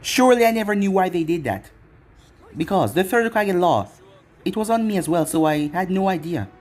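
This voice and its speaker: A man's voice: high voice, animated, brisk, darkish tone. A man narrating a fan story in first person, with sarcastic asides.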